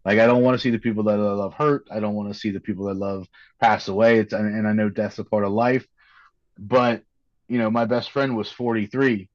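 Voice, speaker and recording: Man, earnest, halting, repeats words, candid guest, dry dull sound. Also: on the low side, level tone, a little mellow, dry recording. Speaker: podcast guest. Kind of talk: candid conversation.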